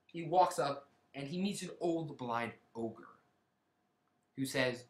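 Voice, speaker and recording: A man's voice: medium pitch, takes it slowly, echoey room. A man casually retelling a book's plot in a rambling way, often restarting and hedging. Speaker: book reviewer. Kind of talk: casual spoken plot summary.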